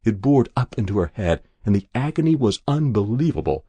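A male narrator reads literary fiction from a script, measured and expressive. His low voice is gravelly and a little husky, moving across a wide pitch range, and the sound is dry and close with no room echo.

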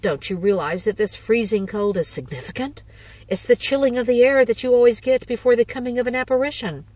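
A woman's voice: on the high side, a little fast, a little mellow, dry recording, recorded from a distance, voice pushed up, lightly acted. A woman doing a gushing ghost-mad busybody. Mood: thrilled. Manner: gushing, breathless, triumphant. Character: eager, meddlesome older woman obsessed with ghosts.

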